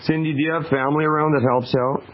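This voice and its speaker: A man's voice: fairly high pitch, steady tone, fast talker. Joking male radio host. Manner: joking, easygoing. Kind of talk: call-in radio conversation. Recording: dull, muffled radio audio.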